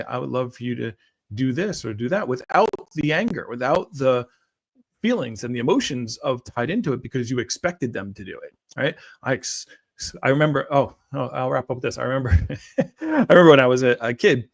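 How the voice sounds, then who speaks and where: A man's voice: mid-range voice, vocal fry, dry recording. A man hosting a morning show, talking casually in a solo monologue, rambling with repeated words and frequent "right?" and "like".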